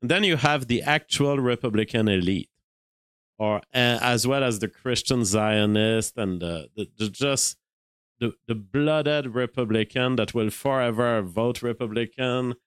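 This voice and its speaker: A man from Quebec, a native French speaker with a Quebec French accent, hosting a live stream and thinking aloud in a measured way with frequent restarts. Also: mid-range voice, clean tone, dry recording. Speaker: livestream host. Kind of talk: live-stream commentary, reading super chats.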